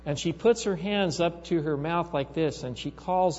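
A man's voice: on the high side, moderate pace, a little mellow. Man preaching a storytelling sermon. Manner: storytelling, builds to emphatic rises. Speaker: pastor. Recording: reverberant hall, dull sound, mains hum.

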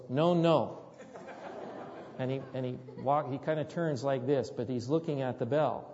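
A man's voice: medium pitch, darkish tone. A man preaching a sermon, telling a story earnestly and often repeating his words. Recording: dull sound with long hall reverb.

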